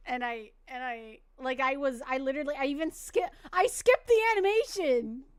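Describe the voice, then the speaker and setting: A woman streamer chatting casually with viewers, rambling and restarting her sentences, and softening into baby talk with her pet. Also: high voice, moderate pace, dry recording.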